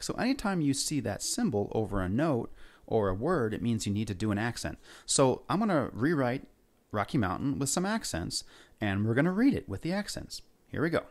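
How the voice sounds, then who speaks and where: Lively upbeat male music teacher. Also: mid-range voice. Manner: upbeat, coaxing kids to repeat and sing along. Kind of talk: elementary music lesson. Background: faint guitar.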